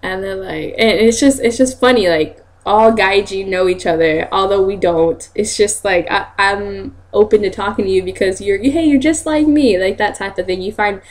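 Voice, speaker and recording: A young woman telling stories in a casual vlog, chatty and quick to laugh, acting out other people's lines in a higher voice. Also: fairly even intonation. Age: young adult. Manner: chatty, laughs often, acts out quotes in high voices. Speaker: vlogger.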